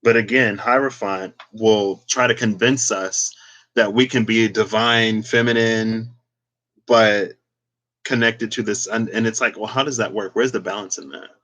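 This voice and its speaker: A man's voice: fairly low pitch, steady tone, a little slow, a bit bright. A man giving a casual, reflective talk on spirituality and tarot, meandering with many fillers as he thinks aloud. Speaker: tarot reader.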